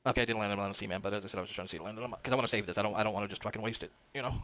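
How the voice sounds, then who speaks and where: A man's voice: fairly low pitch, fairly even intonation, very fast, a bit bright, no echo. A man chatting on a livestream as a guest, rambling and hesitant, with plenty of fillers and swearing. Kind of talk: casual livestream chat.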